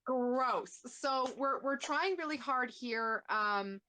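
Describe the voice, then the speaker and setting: A woman's voice: on the high side, takes it slowly, pushed and bright, a little hiss or hum. A woman from Canada hosting a casual live-stream interview, gushing and emotional, often tearful, with many fillers and restarts. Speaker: host.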